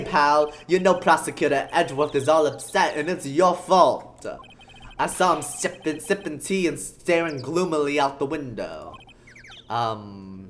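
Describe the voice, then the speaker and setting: A woman doing a loud gruff bumbling detective. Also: low voice, slight background noise, voice pushed up, exaggerated voice. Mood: indignant. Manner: brash, shouty, Italian-tinged tough-guy drawl.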